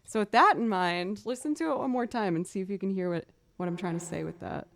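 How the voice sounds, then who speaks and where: A woman's voice: mid-range voice, quick pace, creaky, a bit bright, no room sound. A young woman musician chatting casually on a livestream, rambling through stories and thanking viewers as she goes. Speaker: musician streamer.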